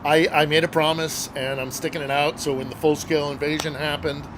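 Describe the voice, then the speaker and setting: A man's voice: fairly high pitch, flat delivery, brisk, noisy background. Earnest, hesitant middle-aged man. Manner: hesitant with many fillers, earnest and emotional. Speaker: guest journalist. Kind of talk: casual storytelling.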